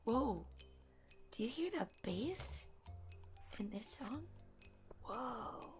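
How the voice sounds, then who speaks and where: A woman chatting casually while she plays a video game, rambling through a story and reacting out loud to the game. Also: fairly high pitch, lively intonation, extremely slow, vocal fry, faint music behind. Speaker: gaming streamer. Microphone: headphones on.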